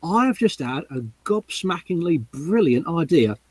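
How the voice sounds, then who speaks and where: A man's voice: fairly high pitch, sing-song, measured pace, darkish tone, breathy edge, no echo, pitched above the performer's own voice, exaggerated voice. A man putting on a cheeky Cockney lad. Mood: excited. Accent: Cockney put-on. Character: cheeky young male Cockney sidekick. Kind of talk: storybook read-along.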